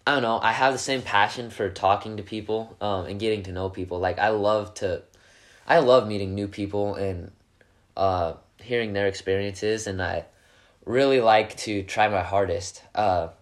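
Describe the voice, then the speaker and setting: A teenage boy, a high school quarterback, answering interview questions in an earnest, upbeat way. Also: moderate pace. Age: teens. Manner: earnest and upbeat, gets animated. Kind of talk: casual interview chat.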